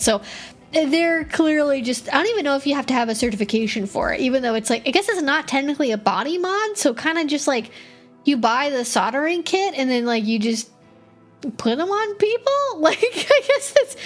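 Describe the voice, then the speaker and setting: Chatty high-voiced woman answering questions. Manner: chatty, rambling, frequent "like" and laughs. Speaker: kink educator and stream host. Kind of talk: casual live-stream Q&A.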